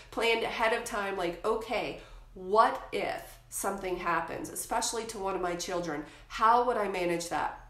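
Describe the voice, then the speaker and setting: Frank woman in a roomy space. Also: mid-range voice. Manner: frank and energetic, laughs easily. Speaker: photography educator and podcast host. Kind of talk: candid advice talk.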